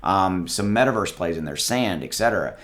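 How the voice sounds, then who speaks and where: A crypto YouTuber vlogs casual investing advice straight to camera from his home, where his dogs are around. His voice is low, animated, fairly quick and a bit bright, and he talks loosely, restarting often, repeating words and calling his viewers "guys."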